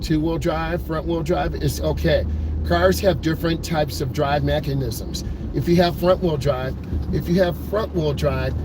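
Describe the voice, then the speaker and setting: A man coaches a driving lesson from behind the wheel, calm and steady, going over each point again. His voice sits a little high. Road and engine noise carry clearly under his words. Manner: calm, repetitive coaching, talks to the viewer. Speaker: driving instructor. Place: inside a car driving on snowy roads.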